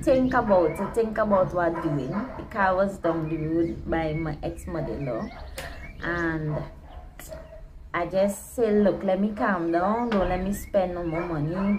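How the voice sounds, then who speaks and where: A woman's voice: fairly low pitch, noisy background. A woman earnestly telling a personal story, venting her frustrations and talking about her faith. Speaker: vlogger. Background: neighborhood dogs barking.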